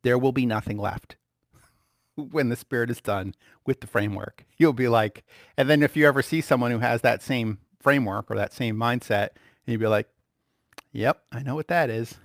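A man teaching a Christian lesson in a conversational, lively way, chuckling often. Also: mid-range voice, normal speed, no echo, studio quality. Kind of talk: informal spoken teaching.

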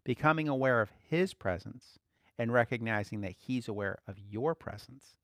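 A preacher gives conversational Bible teaching in a relaxed manner, laughing lightly and repeating key phrases. His voice is medium in pitch at a normal speed, with clean studio sound and no echo.

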